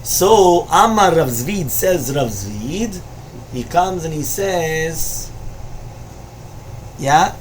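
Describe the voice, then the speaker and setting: A man leads a Talmud study lesson, chanting each Aramaic passage with rising emphasis and then explaining it in plain English. His voice sits a bit high for a man, and he keeps checking in with his listeners. A faint noise runs under the recording. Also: expressive, drawn-out words, pauses often. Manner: explains each line, repeats with "right?" and "you understand?". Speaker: Talmud teacher.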